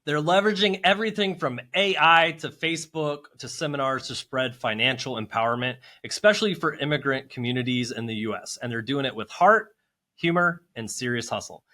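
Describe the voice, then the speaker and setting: A man's voice: medium pitch, fairly quick, sharp tone. A man hosting a podcast, upbeat and effusive as he introduces guests and asks questions. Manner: enthusiastic and effusive. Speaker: podcast host.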